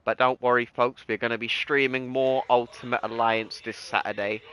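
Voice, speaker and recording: A man's voice: medium pitch, little pitch movement, moderate pace, fairly bright tone, a little hiss or hum, poor audio. A young British man streaming a game, rambling in casual chat with many "like"s and restarts. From United Kingdom.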